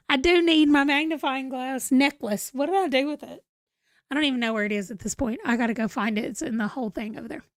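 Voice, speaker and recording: High-pitched forties woman rambling thru a live chat, reading comments out, dry close sound. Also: no echo. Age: 40s. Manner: chatty and rambling, reads viewer comments aloud. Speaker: book channel host. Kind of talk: casual livestream chat.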